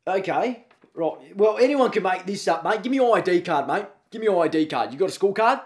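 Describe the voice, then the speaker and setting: A man doing a loud Aussie PE teacher. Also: high-pitched, expressive, fairly quick. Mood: bossy, incredulous. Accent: Australian. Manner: loud, blunt, pushy, calls everyone mate. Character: brash loud Australian male PE teacher, 43. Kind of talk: comedy sketch.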